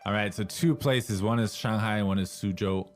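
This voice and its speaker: A man's voice: on the low side, steady tone, normal speed, faint music behind. A man co-hosting a language lesson, translating and asking guiding questions in a casual way. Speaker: lesson co-host.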